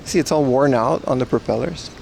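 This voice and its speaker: A man's voice: medium pitch, brisk, vocal fry, a little mellow, slight background noise. A man in his thirties hosting a casual livestream outdoors on city streets, rambling and answering viewer chat while biking. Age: 30s. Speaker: livestream host.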